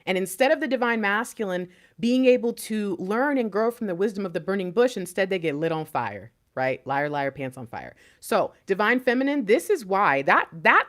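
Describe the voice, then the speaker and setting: An excitable young woman reads tarot cards in a casual, chatty way. Her voice swoops up and down with lively pitch, and she gasps and exclaims as the cards turn up. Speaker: tarot reader.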